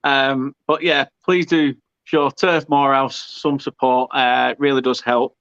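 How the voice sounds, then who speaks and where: A man's voice: medium pitch, flat delivery, unhurried, fairly bright tone, clean tone, no room sound, dull audio. A man co-hosting a football stream, bantering casually with some hesitant restarts. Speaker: co-host and channel moderator. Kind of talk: casual chat.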